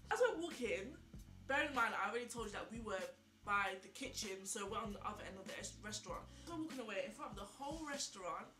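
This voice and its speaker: A young woman vlogger telling a story while getting ready, animated and incredulous, full of "like" and repeated questions. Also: medium pitch, quick pace. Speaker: beauty vlogger. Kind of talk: chatty get-ready-with-me storytelling. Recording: echoey room, faint music.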